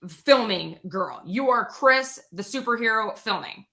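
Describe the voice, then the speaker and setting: A young adult woman talking as a guest in a casual interview, energetic and animated, speaking quickly with lots of "like". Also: on the high side.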